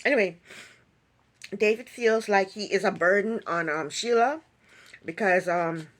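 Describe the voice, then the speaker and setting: A woman recaps a reality TV episode in a loose, chatty monologue. She speaks at a medium pitch, pausing on ums and giving her own opinions as she goes. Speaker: recap vlogger.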